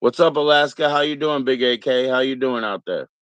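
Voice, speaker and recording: A man's voice: medium pitch, fairly quick, a bit bright, smooth, dry recording. A man chatting casually on a live stream, rambling and laid-back as he greets viewers one by one. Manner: rambling, laid-back, greets chat members, mock Aussie slang. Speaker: livestream host.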